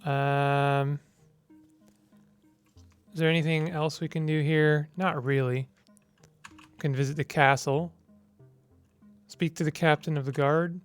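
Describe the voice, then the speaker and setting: A man plays a text game and narrates casually, reading the on-screen options aloud in a clear, slightly high voice. He mumbles through menu choices. Faint music plays behind him. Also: level tone, takes it slowly, pauses often. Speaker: gamer. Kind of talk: casual gameplay commentary.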